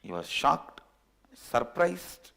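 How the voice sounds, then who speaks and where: A man, a spiritual teacher, telling a parable in an unhurried discourse, repeating phrases and chuckling. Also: mid-range voice, very animated, vocal fry, pushed and bright. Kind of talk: storytelling discourse.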